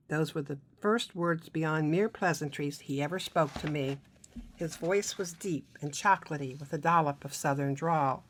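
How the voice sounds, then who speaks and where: A woman with a low voice reads her own novel aloud. She tells the first-person story wryly, with lively timing and a dry sense of humor. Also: a little slow. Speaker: author reading her novel. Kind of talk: reading fiction aloud.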